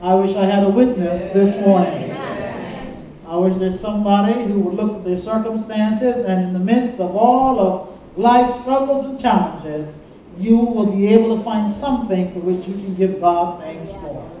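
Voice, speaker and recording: A man's voice: high voice, moderate pace, a crowd in the background. A man preaching a sermon as pastor, leading the congregation in call-and-response and telling stories. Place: church sanctuary. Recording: echoey church room, mic at a distance.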